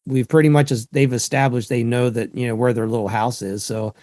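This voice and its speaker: A man's voice: mid-range voice, steady tone, a little fast, darkish tone, dry recording, clean studio sound. A man co-hosting a podcast in casual chat, laughing and swearing as he retells family stories. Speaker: podcast co-host.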